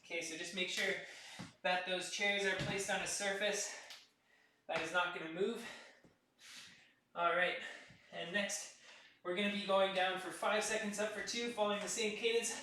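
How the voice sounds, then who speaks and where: Counting reps and delivering steady cues, a male fitness instructor speaks at a moderate pace with frequent pauses and a high pitch. The mic is far off in an echoey room, with a little hiss or hum.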